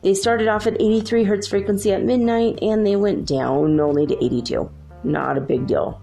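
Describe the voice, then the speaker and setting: A woman's voice: medium pitch, moderate pace, gravelly, mellow, soft background music. A woman hosting a casual solo spiritual talk from her room at home, bubbly and full of "like"s. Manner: chatty, bubbly, many "like"s. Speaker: spiritual channel host.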